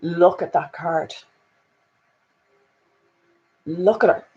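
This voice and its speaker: Woman reading oracle cards; earnest, repetitive, drops to a hush then rises emphatically. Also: lowish voice, a little slow, muffled recording. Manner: earnest, repetitive "you know" fillers; swings between hushed and emphatic. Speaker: spiritual card reader.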